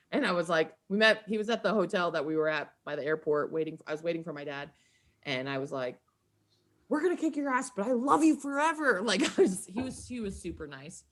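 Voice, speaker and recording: A woman guest on a podcast, telling stories in a lively, chatty way, laughing often and acting out quotes. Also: sits low, fairly quick. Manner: animated, laughs often, acts out quoted voices. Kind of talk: casual storytelling chat.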